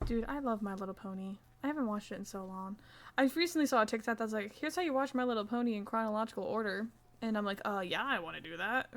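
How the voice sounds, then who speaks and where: A young woman with a slightly high voice chats playfully through a casual live stream. She reads her viewers' messages aloud, teases them, and drops into soft counting as she crochets. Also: fast talker. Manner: counts stitches under her breath.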